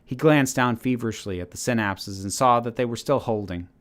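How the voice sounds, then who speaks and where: A man narrating a story aloud in a steady, measured reading manner. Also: medium pitch. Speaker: channel host reading his story. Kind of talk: audiobook-style story narration.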